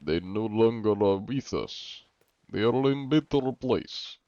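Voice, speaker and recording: Casting: deadpan big sweaty Russian man voiced by a man with a fake accent, low voice, dry dull recording. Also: moderate pace, dry recording, natural voice. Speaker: streamer.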